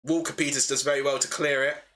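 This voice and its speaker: Bright-voiced young man hosting a football watchalong. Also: medium pitch, flat delivery, fast. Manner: chatty, thinking aloud, answering chat between play calls. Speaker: livestream host. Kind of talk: live football watchalong commentary, chatting with viewers.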